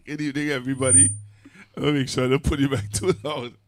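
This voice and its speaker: A man's voice: mid-range voice, little pitch movement, brisk, no room sound. A Trinidadian man hosting a casual talk show, joking and laughing often as he teases his guest. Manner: jokey, laughs often, teasing. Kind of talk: casual chat.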